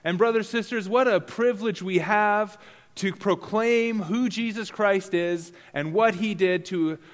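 High-voiced preacher in a reverberant hall. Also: male voice, unhurried. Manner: earnest, repeats words, rhetorical questions. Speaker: pastor. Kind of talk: sermon.

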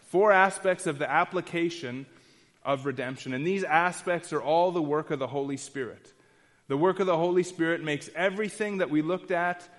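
A man's voice: on the high side, big-room sound. A man preaching an expository sermon in an earnest, emphatic way, repeating key phrases and restarting often.

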